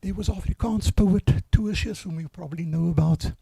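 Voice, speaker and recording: An older man, hoarse from years of choir singing, giving an earnest, halting eulogy for his granddaughter at a memorial service. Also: high-pitched, dark tone, no room sound.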